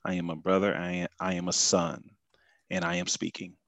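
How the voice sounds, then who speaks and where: Deep-voiced man with an Oklahoma twang. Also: monotone, brisk, a bit bright, dry recording. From Oklahoma City. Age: adult, married father. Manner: easygoing, folksy, uses y'all. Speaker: podcast guest. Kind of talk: casual conversation.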